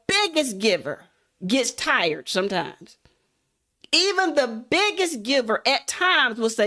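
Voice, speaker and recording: A woman, a content creator and motivational speaker, tells a folksy, casual story and speaks straight to her listeners, calling them y'all. Her high, animated voice is a little slow, gravelly, and fairly bright.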